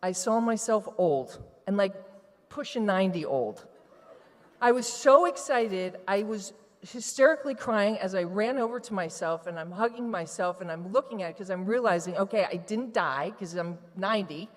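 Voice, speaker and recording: Woman, candid emotional testimony, mid pitch, live hall reverb. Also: expressive, moderate pace. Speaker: retreat participant giving testimony. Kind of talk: personal testimony to a live audience. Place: large event hall on stage.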